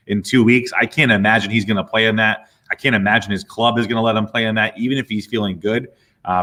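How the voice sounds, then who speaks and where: Bright-voiced man explaining sports injuries. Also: lowish voice. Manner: relaxed, explanatory, playful asides. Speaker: physical therapist discussing sports injuries. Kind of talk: casual sports injury chat.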